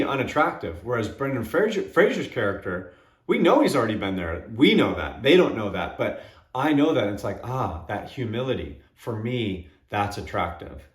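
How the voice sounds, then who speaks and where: Man musing in a roomy space. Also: medium pitch. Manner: conversational, retells movie scenes with quick voiced quotes. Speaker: channel host. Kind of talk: reflective solo talk to camera.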